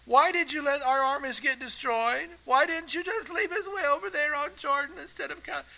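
A male preacher voicing a whining, self-pitying man pleading with God in a high voice. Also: a little fast, vocal fry, sharp tone, heavily acted, low-quality recording.

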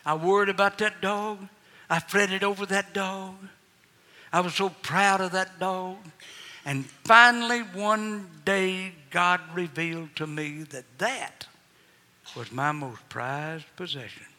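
A man's voice: sits high, slow, sharp tone. An older man preaching a sermon, mixing folksy personal stories with fervent exhortation in a large auditorium. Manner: folksy Southern storytelling, rising to fervent exhortation. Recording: long hall reverb.

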